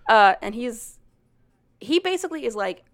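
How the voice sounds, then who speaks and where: A woman's voice: on the high side, normal speed, no echo, clean studio sound. A woman chatting casually on a podcast, retelling a story with lots of "like" and frequent laughter. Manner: animated, laughs often, full of "like".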